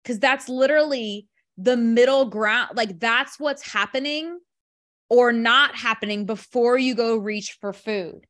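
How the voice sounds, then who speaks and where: Female group coach, higher voice, emphatic, casual talk with many restarts. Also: a little slow, fairly bright tone. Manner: emphatic, leans on "literally" and "like", restarts often.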